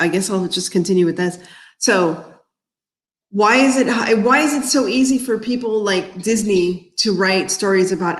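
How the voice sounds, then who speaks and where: A woman's voice: mid-range voice, reverberant. A woman from Miami, an author hosting a casual livestream, chatting and rambling while she answers viewer comments. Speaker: author and crafting host.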